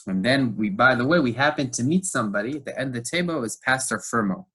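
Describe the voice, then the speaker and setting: A man from the United States, a podcast guest, retelling a tense story with animated delivery and fillers. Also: medium pitch, fast, slightly rough. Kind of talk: storytelling interview.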